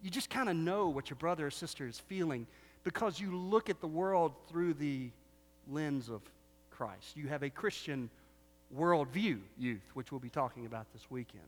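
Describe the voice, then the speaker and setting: A middle-aged man preaching in a church, his voice sitting a little high for a man. He talks to the congregation casually and keeps throwing them rhetorical questions. The sound trails off in a long hall reverb. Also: lively intonation, moderate pace. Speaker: pastor. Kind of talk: sermon. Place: church sanctuary.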